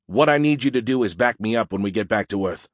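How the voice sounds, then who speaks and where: A man's voice: lowish voice, animated, quick pace, dry recording, lightly acted. A man playing a weary, sardonic human soldier in an audiobook, speaking dryly. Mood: wry. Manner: dry and sardonic. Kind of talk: audiobook dialogue.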